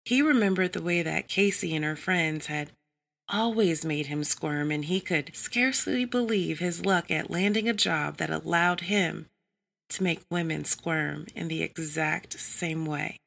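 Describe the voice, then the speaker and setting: A woman narrating an adult story in a measured, even reading style. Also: deep voice, vocal fry.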